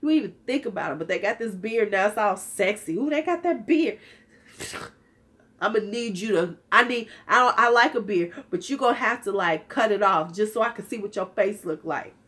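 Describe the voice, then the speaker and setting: A woman's voice: medium pitch, a little fast, few pauses, bright, forceful tone. A woman in her fifties, a vlogger chatting casually and sassily with her viewers in a slightly worn-out voice. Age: 50s. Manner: sassy, candid, joking. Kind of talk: casual livestream chat.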